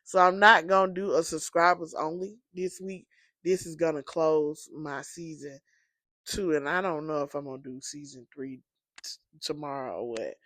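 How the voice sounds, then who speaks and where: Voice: medium pitch, steady tone, normal speed, a bit bright, dry recording, studio quality. A sleepy, yawning podcast host and apostle, rambling conversationally through a casual solo monologue with many fillers.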